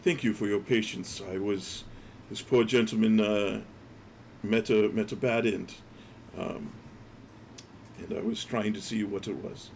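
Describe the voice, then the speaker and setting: A courteous, unhurried priest, played by a man. His voice is low and a little gravelly. He speaks politely in measured phrases during a tabletop game. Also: fairly even intonation, slight background noise. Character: calm, courteous male priest.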